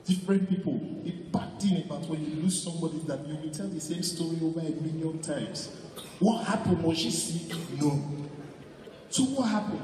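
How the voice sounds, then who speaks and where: Comedian telling jokes with a Nigerian accent in an echoey hall. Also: male voice, on the high side, normal speed, dark tone. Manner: storytelling with Nigerian Pidgin, acting out mourners. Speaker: stand-up comedian. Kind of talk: stand-up comedy routine. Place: large venue on stage. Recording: echoey hall, distant mic.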